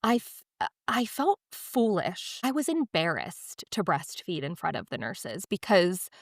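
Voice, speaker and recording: A woman's voice: on the low side, unhurried, no echo, clean studio sound. A young woman on a podcast, telling a personal story in a candid, emotional, confiding way. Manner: emotional, confiding, animated retelling. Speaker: podcast guest.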